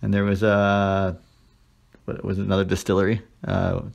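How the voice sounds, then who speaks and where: A man's voice: sits low, completely flat delivery, moderate pace, gravelly. A man in casual chat as podcast co-host, telling a story with crude jokes and put-on voices.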